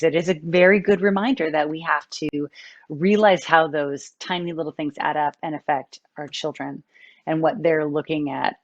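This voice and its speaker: A woman's voice: low-pitched, a little fast, muffled recording. A woman hosting a conversational podcast interview, asking engaged questions. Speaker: podcast host.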